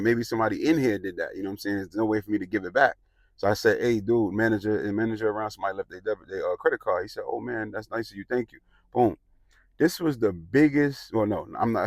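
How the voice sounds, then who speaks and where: A man telling a personal story in a casual, animated way, acting out the quotes. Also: on the low side, dry recording. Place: outdoors in the sun.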